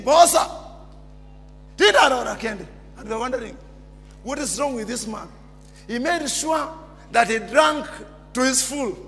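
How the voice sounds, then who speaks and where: A man with a Kenyan accent preaching a fiery sermon, jumping from shouts down to near-whispers. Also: very high-pitched. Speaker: pastor. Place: large church hall. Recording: long church reverb.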